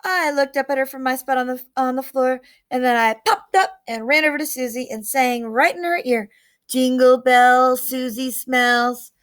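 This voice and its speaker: Casting: woman, high voice, expressive children's book read-aloud. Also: a little fast, few pauses. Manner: expressive, animated reading. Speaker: storybook reader.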